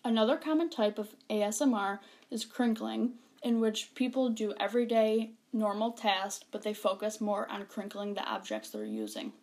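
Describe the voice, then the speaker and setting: A young woman speaking in a casual group presentation, calm and matter-of-fact. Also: mid-range voice, normal speed, few pauses.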